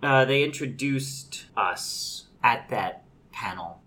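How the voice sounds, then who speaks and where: A man's voice: medium pitch, animated, slow pace, bright, forceful tone. A man chats loosely as the guest on a podcast, laughing often and trailing off into fillers. His talk runs in loose, winding stretches. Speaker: actor guest. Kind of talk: casual podcast interview.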